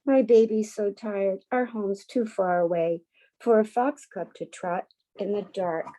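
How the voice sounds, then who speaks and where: A woman voicing a big, gentle mother fox pleading softly in a picture-book reading. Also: mid-range voice, steady tone, measured pace, close to an everyday voice.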